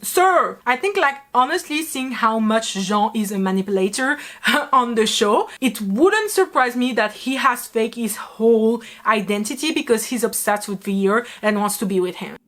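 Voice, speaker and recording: A woman from France speaks English with a French accent, in a rather high voice. She rants casually to camera, swearing freely and teasing, with her pitch leaping up whenever she gets worked up. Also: normal speed. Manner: animated, profane, teasing, jumps in pitch. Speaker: video creator. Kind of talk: casual reaction commentary.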